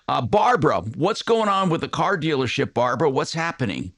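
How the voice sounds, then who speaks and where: A man hosting a call-in radio show in a brisk, folksy way, talking into a studio microphone. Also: on the high side, very animated, a bit bright, no room sound. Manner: brisk, folksy, reads ad copy. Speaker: radio host.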